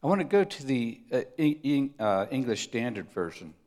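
A man preaching a sermon, swinging between loud emphatic punches and hushed, near-whispered asides. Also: medium pitch, very animated, normal speed. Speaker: pastor.

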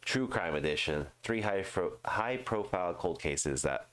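A congested man, hosting a true crime show and reading a news article aloud, halting with fillers and restarts. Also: deep voice, animated, a bit bright. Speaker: true crime podcast host.

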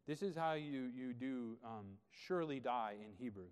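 A man's voice: medium pitch, animated, normal speed, clean tone, big-room sound. A man preaching a sermon as pastor, explaining scripture in a conversational way and often checking in with rhetorical questions.

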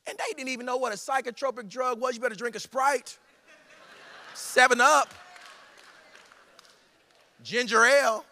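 Bright-voiced high animated preacher man. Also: normal speed, long pauses. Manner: animated, preaching with humor and sudden swings from loud to hushed. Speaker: pastor. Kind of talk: sermon. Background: band music.

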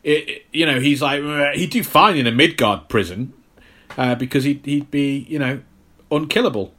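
A man's voice: fairly high pitch, moderate pace, a bit bright. A man co-hosting a casual film-review podcast, easygoing and rambling with plenty of fillers. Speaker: podcast co-host.

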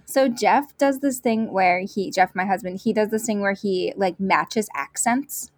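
A woman from the Philadelphia area chats on a podcast in a relaxed, wry way, with a mid-range voice. The sound is dry and close. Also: medium pitch, measured pace, no echo. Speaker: podcast co-host. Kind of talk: casual chat.

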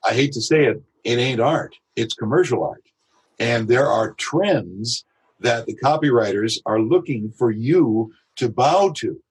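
A man, a voice actor, talking through his craft in a podcast interview, reflective and full of examples. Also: medium pitch. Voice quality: husky. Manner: reflective, explains with examples and quick imitations. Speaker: voice actor guest.

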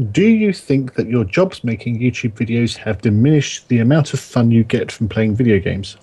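A man's voice: medium pitch, slightly rough. A man hosting a casual group chat, laughing often and reading out viewer questions. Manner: relaxed, laughs often, reads questions aloud.

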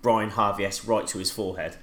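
A man's voice: on the low side, fairly even intonation, fast, fairly bright tone. A man co-hosting a podcast, chatting in a dry, playful way. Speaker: podcast co-host. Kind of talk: casual podcast chat.

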